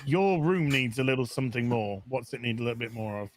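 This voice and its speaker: A man's voice: mid-range voice, fast, a little hiss or hum. A man with a New Zealand accent, chatting and joking as a guest on a livestream call. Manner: joking, teasing, lively. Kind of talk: casual chat.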